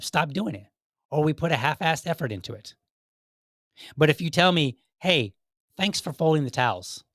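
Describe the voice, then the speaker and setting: A man's voice: fairly high pitch, dry recording, clean studio sound. A middle-aged man hosting his own podcast, rambling in a chatty way with many restarts. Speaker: podcast host. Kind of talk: casual solo podcast commentary.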